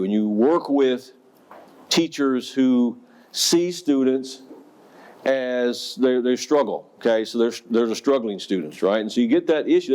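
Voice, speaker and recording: A man who was a school principal, giving a professional development talk to educators and telling stories with audience questions. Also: mid-range voice. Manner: storytelling, animated, asks the audience questions.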